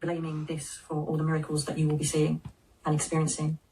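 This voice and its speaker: A serene male spirit of Jesus speaks through a medium, as a woman channels him. The delivery is slow, solemn and almost monotone, holding one level note. The voice sits back from the microphone. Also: sits low, recorded from a distance, slight background noise, pitched below the performer's own voice, rough recording. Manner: slow, solemn, measured pronouncements.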